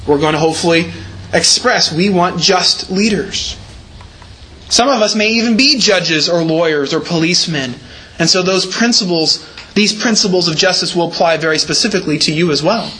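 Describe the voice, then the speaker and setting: High, bright-voiced male pastor preaching. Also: moderate pace, rough recording. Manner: explanatory, emphatic on repeated words. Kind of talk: sermon. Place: church.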